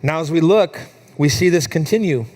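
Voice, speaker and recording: Young guy preaching in church, kinda high voice, tells stories with a lot of life in them. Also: normal speed. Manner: storytelling, animated when quoting his daughter. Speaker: pastor. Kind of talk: sermon.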